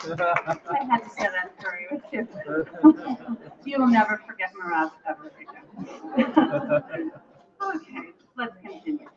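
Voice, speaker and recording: A woman's voice: on the high side, big pitch swings, slow pace, pauses often, crowd noise. A woman director chatting casually to a theatre audience, telling an anecdote with bursts of laughter. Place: theatre, large hall. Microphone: distant audience camera. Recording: echoey hall from far off, dull.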